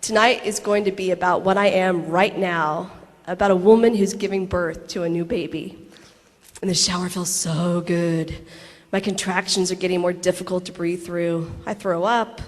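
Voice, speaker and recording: A woman's voice: on the low side, moderate pace. Thirtysomething woman reading her own story onstage, laughing asides, big echoey hall. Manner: lively storytelling with laughing asides and acted quotes. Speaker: actress reading a personal letter on stage. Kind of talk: reading aloud a personal story to a convention audience. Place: large convention hall.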